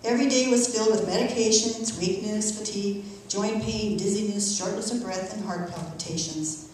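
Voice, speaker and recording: A woman's voice: mid-range voice, darkish tone, a little hiss or hum. Middle-aged woman reading testimony in church. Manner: earnest, emotional, measured reading. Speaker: church member giving testimony. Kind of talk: reading a personal testimony aloud. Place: church sanctuary. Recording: echoey church from far off.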